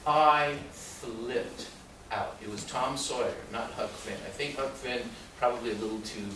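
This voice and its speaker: A man born in Mexico and raised in San Diego, giving a storytelling talk as an author at a library and often laughing and jumping up in pitch. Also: measured pace. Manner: lively, laughing storyteller with sudden jumps up in pitch and loudness. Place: public library event room. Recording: very echoey room, distant mic, noisy.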